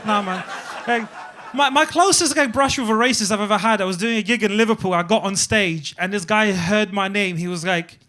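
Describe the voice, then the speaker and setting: A man's voice: high-pitched, quick pace. A young man performing a stand-up comedy set on a club stage, telling stories and acting out the people in them. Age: young adult. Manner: animated storytelling, acts out quoted voices.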